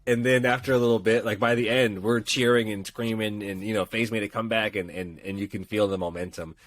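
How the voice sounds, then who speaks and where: A man co-hosting a casual gaming podcast, telling stories and acting out quotes in raised, excited voices. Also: on the low side, a little fast, no echo. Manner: animated storyteller, acts out quotes in raised voices. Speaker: podcast co-host. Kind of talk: casual chat.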